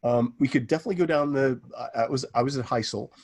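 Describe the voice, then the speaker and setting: A man's voice: medium pitch, fast talker, darkish tone, husky. A man hosting a podcast interview, jumping in with asides and teasing questions in casual chat. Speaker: podcast host.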